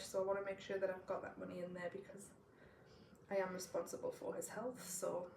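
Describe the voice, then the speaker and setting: A woman with a gravelly, creaky edge talks through her budget, musing aloud and tallying numbers as she goes. She sits back from the mic, so her voice carries a roomy echo with faint ambience behind it. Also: medium pitch, darkish tone, far from the mic, a little hiss or hum. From northeast England. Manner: thinking aloud, doing sums as she goes. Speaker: budgeting vlogger. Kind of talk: casual budgeting walkthrough.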